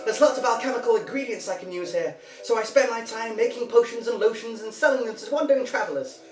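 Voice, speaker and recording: Man doing a bright, high halfling shopkeeper lady, middle-aged, chirpy, roomy sound with music. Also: fast talker. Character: cheery middle-aged female halfling alchemist.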